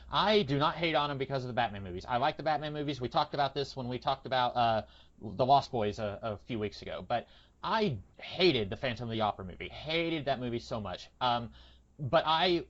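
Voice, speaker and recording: Brief: male podcast host, mid-pitched, rambling and opinionated, slightly dull lo-fi audio. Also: animated, fairly quick, a bit bright. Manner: rambling, opinionated, frequent hesitations. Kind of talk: casual movie discussion.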